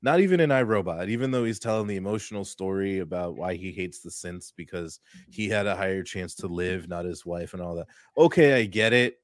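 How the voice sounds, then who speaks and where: A man co-hosting a casual podcast, talking in a relaxed way and reading out chat comments. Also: deep voice, brisk, few pauses, dry recording, clean studio sound. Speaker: podcast co-host.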